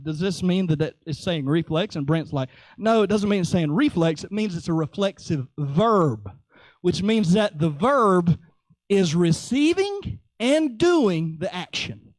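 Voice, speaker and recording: A man preaching with a high, bright-pitched voice and a playful, animated delivery. He jokes and slips into quick acted-out voices while he teaches. The sound is close and dry, with no room echo. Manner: lively, joking, acts out voices. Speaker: pastor. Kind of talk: sermon.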